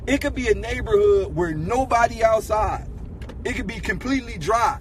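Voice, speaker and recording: A man's voice: high-pitched, animated, normal speed, slight background noise. A man in a casual rant monologue, talking emphatically and repeating rhetorical questions over and over. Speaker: vlogger.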